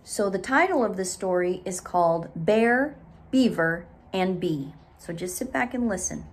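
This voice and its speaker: A woman teacher talks slowly and deliberately through a recorded reading lesson. Her voice sits at an average pitch, and she spells out each instruction patiently. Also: animated, breathy edge.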